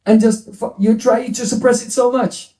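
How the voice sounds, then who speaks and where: Man, high mellow voice, devotional lecturer in an echoing room, playful explainer. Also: flat delivery, normal speed. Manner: explains scripture terms, playful asides. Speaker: spiritual teacher.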